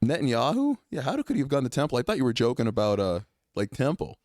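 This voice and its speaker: A man's voice: medium pitch, very animated, quick pace, a little mellow, no room sound, clean studio sound. A man co-hosting a casual podcast, laid-back, answering in short replies and crude jokes. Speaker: podcast co-host.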